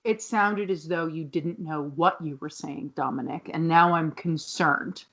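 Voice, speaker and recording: A woman's voice: deep voice, a little slow, vocal fry, fairly bright tone, lo-fi sound. A woman co-hosting a podcast, recapping a TV episode in casual chat, swearing and acting out the characters' lines. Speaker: podcast co-host.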